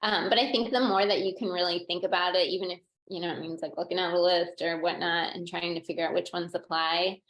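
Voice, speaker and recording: A woman's voice: fairly low pitch, gravelly, fairly bright tone. A woman panelist and former college interviewer giving chatty advice on a video-call webinar, with lots of "um" and "like". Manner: chatty, with many "um" and "like" fillers. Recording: echoey room on a call.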